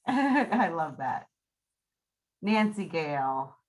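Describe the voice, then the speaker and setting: A woman hosting an online study group, gently encouraging members over a video call. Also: fairly low pitch, lively intonation, slow, long pauses, poor audio. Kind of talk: leading an online discussion.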